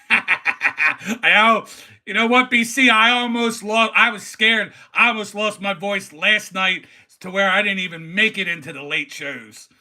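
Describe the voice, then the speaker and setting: Gravelly forty-something Philly sports fan. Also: male voice, high voice, a little slow. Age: 40s. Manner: rowdy trash-talking sports fan, bursts into shouting. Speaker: livestream host. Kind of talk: casual livestream chat.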